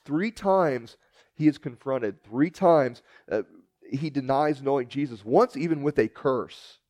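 A man preaching a sermon, retelling scripture as a story and acting out the dialogue with big swings in pitch and loudness. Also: animated, a little slow, dry recording. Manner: storytelling, acts out the dialogue with shifting pitch and volume.

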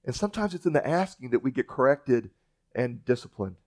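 A man's voice: medium pitch, very animated, fairly quick, darkish tone. A male pastor preaching a sermon in a folksy, storytelling way, with frequent restarts.

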